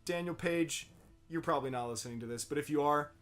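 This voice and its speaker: Goofy higher-voiced young man. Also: fast, a bit bright. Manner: goofy, laughing, loose rambling. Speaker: podcast co-host. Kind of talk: casual podcast chat.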